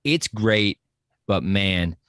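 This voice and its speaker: A man talking excitedly about a movie in a casual discussion, close to his microphone, animated and jumping into high exclamations. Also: extremely slow, dry recording. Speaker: pop culture podcast guest.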